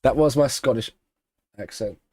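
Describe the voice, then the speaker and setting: A man's voice: medium pitch, normal speed, warm tone, breathy edge, dry recording, studio quality. A young man streaming live race commentary, chatting with viewers between calls. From Australia. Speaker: streamer doing live watch-along commentary.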